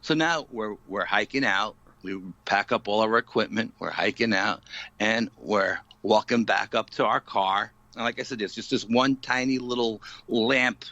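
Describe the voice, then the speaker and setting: A man spins a dramatic story in a casual interview, his voice bright and forceful and sitting a little low. The recording is dry and slightly dull, like lo-fi podcast audio. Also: moderate pace, dry recording. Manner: animated, dramatic retelling full of "you know". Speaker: paranormal investigator, podcast guest.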